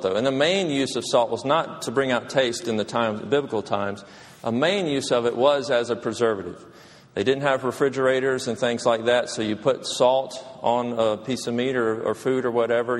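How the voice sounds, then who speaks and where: A man preaching a sermon as pastor, emphatic and slowing down to stress key phrases. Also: mid-range voice. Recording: long hall reverb.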